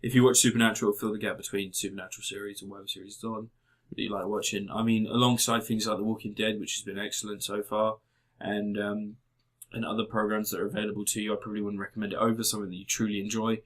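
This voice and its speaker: A man's voice: on the low side, level tone, fast talker, hardly any pauses. A man co-hosting a podcast, chatting casually in a blunt, sweary, rambling way. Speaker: podcast co-host. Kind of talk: casual review chat.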